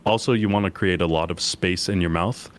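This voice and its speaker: A man who is a bass singer, explaining singing technique in a relaxed, halting way. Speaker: bass singer and vocal guest.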